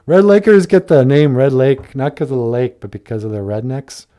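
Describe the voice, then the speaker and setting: A man's voice: medium pitch, very animated, normal speed, mellow. A man hosting a casual live-stream chat, joking in a laid-back way and reading viewer comments aloud. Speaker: show host.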